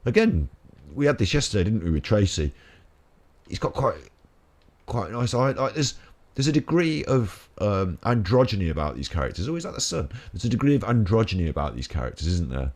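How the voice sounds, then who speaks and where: A man's voice: lowish voice, big pitch swings, fairly quick, darkish tone. A British man giving chatty, rambling let's play commentary, joking and laughing as he plays. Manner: jokey, chatty, laughs often. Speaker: gaming channel host.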